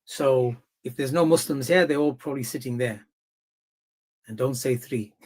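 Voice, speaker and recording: A man hosting a debate livestream, talking in a brisk, informal way and cutting in to steer the chat. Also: medium pitch, a little mellow, low-quality recording. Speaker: livestream host. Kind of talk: casual debate-stream hosting.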